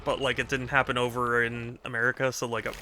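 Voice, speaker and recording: A man's voice: medium pitch, level tone, quick pace, pushed and bright, slight background noise. A man streaming a video game, chatting casually with his viewers, laughing often and restarting sentences as he goes. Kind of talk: casual live-stream chat while gaming.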